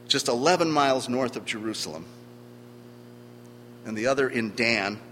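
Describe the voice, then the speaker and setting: A man's voice: medium pitch, pushed and bright. A man preaching a sermon, emphatic, stressing key words by swelling in volume. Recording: long hall reverb with faint hum.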